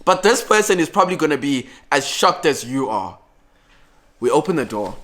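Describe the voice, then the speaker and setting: A young man from South Africa telling a story to camera, animated, acting out the dialogue and dropping to low murmurs. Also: normal speed. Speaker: vlogger.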